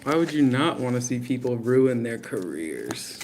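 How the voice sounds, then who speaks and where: A man's voice: mid-range voice, big pitch swings, normal speed, noisy background. Blunt, slangy young man reading tarot. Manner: blunt, slangy, talks straight to viewers. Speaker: tarot reader. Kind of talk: casual live tarot reading.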